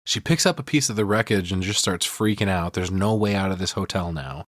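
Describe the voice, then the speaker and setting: Male podcast host, lowish pitch, dry close sound, swears freely, walks through scenes in detail. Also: brisk, dry recording. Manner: profane, retells scenes with mimicked lines. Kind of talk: casual film breakdown chat.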